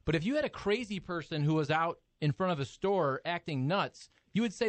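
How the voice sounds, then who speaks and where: A man's voice: on the high side, animated, fairly quick, hardly any pauses, no echo. Earnest male radio host, dry studio sound. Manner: earnest, agreeable, explaining. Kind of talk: casual radio chat.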